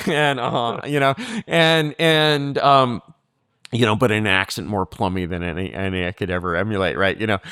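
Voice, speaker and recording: A man's voice: fairly low pitch, a bit bright, smooth, dry recording, studio quality. A man giving a rambling, digressive interview answer, full of fillers and restarts. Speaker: guest. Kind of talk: political interview.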